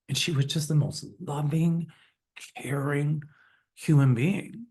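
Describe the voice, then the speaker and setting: A man's voice: fairly high pitch, takes it slowly, mellow, breathy edge. A man hosting his own channel, earnestly and candidly retelling a personal story with open emotion. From Chicago area, US. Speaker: channel host, psychic.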